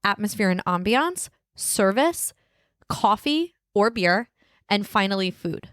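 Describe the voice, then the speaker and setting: A woman co-hosting a podcast, explaining things in an upbeat, easily excited way. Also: mid-range voice, slow pace, no echo, clean studio sound. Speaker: podcast co-host. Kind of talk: casual podcast chat.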